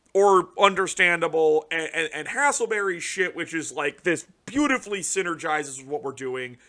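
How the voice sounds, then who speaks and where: A young man giving casual, profane reaction commentary on a card game release, ranting in exasperation with sudden loud outbursts. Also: high-pitched. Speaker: card game content creator.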